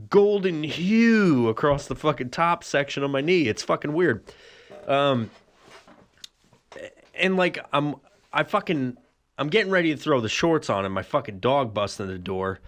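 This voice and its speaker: A man's voice: a little high, a bit bright. A man hosting a solo podcast, telling a rambling, profane comic story and laughing often. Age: adult with a son. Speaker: podcast host.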